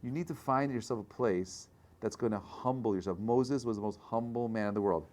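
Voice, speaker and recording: A man, a rabbi, giving an informal Torah class in a conversational way, often checking in with his listeners and building to loud, animated bursts. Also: lowish voice, a little fast. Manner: conversational, checks in with frequent "right?".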